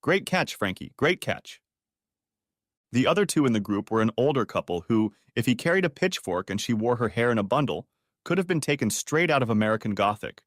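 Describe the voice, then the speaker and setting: A man narrating a story audiobook in a steady, even storytelling manner. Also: mid-range voice, fast, dry recording, clean studio sound.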